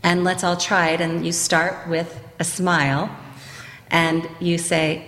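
A woman's voice: fairly low pitch, flat delivery, measured pace, gravelly, a bit bright, in a large hall. A woman dialect coach explaining how she teaches an accent to actors, demonstrating the vowel sounds as she goes.

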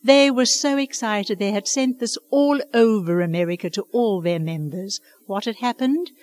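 A woman's voice: medium pitch, normal speed, darkish tone, no echo. An older woman who works as a dialect coach, talking earnestly and emphatically in an interview. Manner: earnest, emphatic, passionate about her craft. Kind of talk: conversational interview.

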